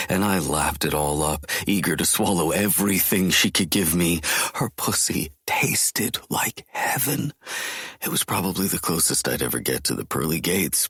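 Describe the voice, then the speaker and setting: Super deep husky guy reading a romance audiobook, dry close sound. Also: a bit bright, dry recording. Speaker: audiobook narrator. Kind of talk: first-person romance narration.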